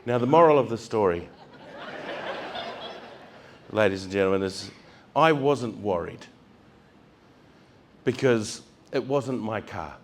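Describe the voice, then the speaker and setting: A male stand-up comedian telling stories on stage, animated, acting out scenes and building to shouts. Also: fairly low pitch, slow, long pauses, slight background noise. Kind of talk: stand-up storytelling. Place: comedy stage before a live audience.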